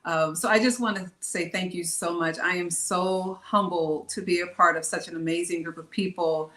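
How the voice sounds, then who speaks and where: A woman's voice: lowish voice, steady tone, pushed and bright. Bubbly woman in an echoey room. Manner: bubbly and grateful, quick to laugh. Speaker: guest author. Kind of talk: casual chat on a video call.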